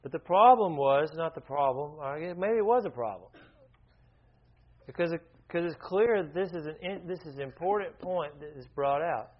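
A man's voice: a little high, lively intonation, moderate pace. A man leading an informal Bible study, talking conversationally, often restarting his sentences and asking the group questions. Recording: dull lo-fi recording.

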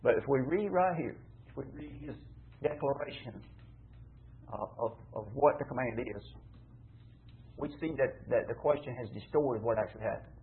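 A man's voice: medium pitch, normal speed, pauses often. A man teaching a Bible passage in a conversational sermon, emphatic and repetitive, asking rhetorical questions. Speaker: preacher teaching scripture. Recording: tinny phone-like line.

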